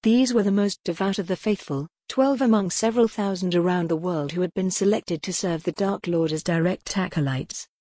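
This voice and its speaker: A woman narrates an audiobook in a measured, even way. Her voice sits a little low for a woman, and the close studio recording is dry with no room sound. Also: no echo. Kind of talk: scripted narration.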